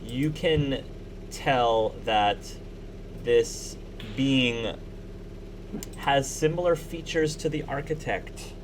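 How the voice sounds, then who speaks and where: A man runs a tabletop session, his narration stopping and starting as he works out the scene. His voice sits at an ordinary pitch, and a faint noise runs under the recording. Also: low-quality recording. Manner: halting, with many restarts and fillers. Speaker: game master.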